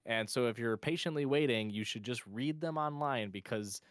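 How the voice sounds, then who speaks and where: A man co-hosting a casual podcast, talking in a rambling, excited way as a fan. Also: mid-range voice, normal speed, smooth, no echo, clean studio sound. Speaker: podcast co-host.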